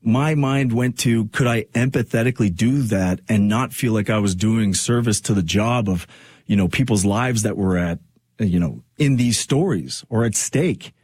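A man's voice: on the low side, moderate pace, a little mellow, breathy edge, no room sound, clean studio sound. A man hosting a radio talk show, speaking in an earnest, reflective monologue that rambles with fillers. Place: radio studio.

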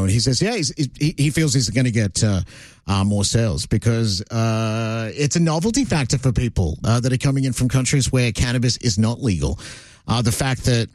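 A man's voice: mid-range voice, a little mellow, dry recording. A man hosting a talk radio show, opinionated and sardonic, with lots of "uh" fillers. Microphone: studio broadcast mic.

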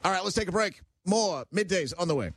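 A man's voice: sits high, animated, fast talker, creaky, music in the background. A male radio host chatting casually on air in a blunt, talkative way, often restarting his sentences. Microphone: studio microphone.

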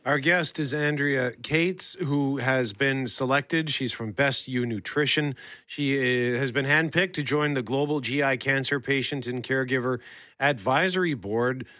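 A man's voice: mid-range voice, unhurried, bright, forceful tone, dry recording, studio quality. A man hosting a live radio show, introducing a guest with an upbeat broadcaster delivery. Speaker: radio host.

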